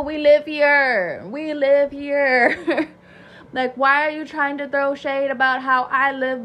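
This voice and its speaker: Hyped-up profane woman tarot reader. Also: high-pitched. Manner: loud, profane, laughing, hyped-up. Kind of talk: animated tarot reading monologue.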